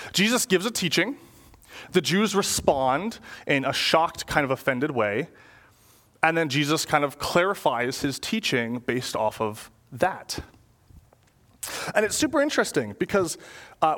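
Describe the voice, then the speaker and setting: A young adult man preaching a sermon in church, casual and animated, using slang and frequent rhetorical questions. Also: on the high side. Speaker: pastor.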